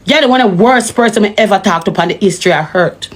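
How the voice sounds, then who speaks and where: A woman's voice: medium pitch, quick pace. A young Jamaican woman ranting to her viewers in a heated, profane way, repeating phrases for emphasis. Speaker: online personality. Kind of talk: angry rant to camera.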